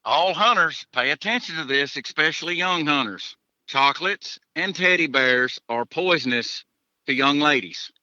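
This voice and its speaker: A man's voice: fairly high pitch, lively intonation, moderate pace, sharp tone, no room sound, muffled recording. A man, a hunter chatting as a podcast guest in a folksy, joking way, chuckling between answers. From Tennessee, USA. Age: 40s. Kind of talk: casual podcast interview.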